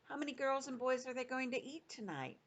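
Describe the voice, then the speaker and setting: A woman's voice: high voice, lively intonation, fairly quick, pitched above the performer's own voice. A woman voicing a brave, indignant little girl who talks in an earnest, pleading way.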